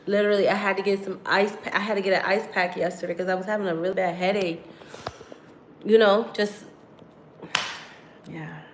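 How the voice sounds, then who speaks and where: A woman's voice: medium pitch, steady tone, fairly quick, pauses often, slight background noise. Tired thirty-something woman chatting candidly. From Virginia. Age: 30s. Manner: candid, slangy, talks straight to chat. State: tired after crying. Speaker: livestreamer reading viewer comments. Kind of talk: casual live stream chat.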